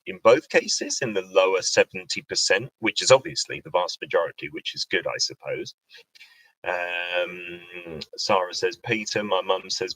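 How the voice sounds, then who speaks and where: A man's voice: low-pitched, sharp tone, no room sound, rough recording. A man hosting a casual livestream, chatty and reading out viewer questions. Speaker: radio host. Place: indoor home livestream.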